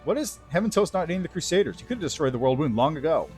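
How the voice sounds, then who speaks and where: A man's voice: sits high, sing-song, a little fast, faint music behind. A man reading the lines of a plain-spoken male crusader hero in his own voice.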